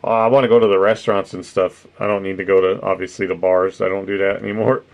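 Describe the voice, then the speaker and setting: A man's voice: low voice, flat delivery, fast talker, hardly any pauses, darkish tone. A man chatting casually with viewers on a stream, rambling, swearing freely and laughing often, with no particular accent. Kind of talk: casual livestream chat.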